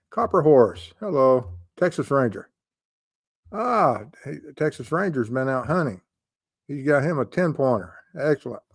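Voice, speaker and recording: A man's voice: mid-range voice, dry recording, studio quality. An older man hosting a casual true crime livestream, rambling with many ums and uhs as he greets viewers in the chat.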